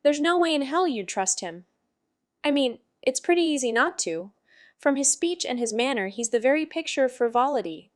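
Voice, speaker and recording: A woman's voice: high voice, animated, normal speed, no room sound, clean studio sound. A woman voicing a brash, foul-mouthed male jester wizard who narrates in a sardonic, rambling way.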